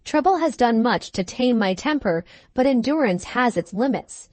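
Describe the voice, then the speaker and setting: A woman voicing a wronged young woman who speaks gently, steadily and firmly. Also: on the high side, expressive, normal speed, no echo. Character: wronged young woman, calm, patient and firm.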